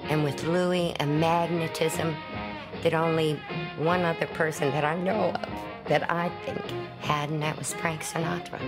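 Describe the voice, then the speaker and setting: Woman, deep voice, enthusiastic, music loud behind her. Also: level tone, measured pace. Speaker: documentary interviewee. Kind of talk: reminiscing interview.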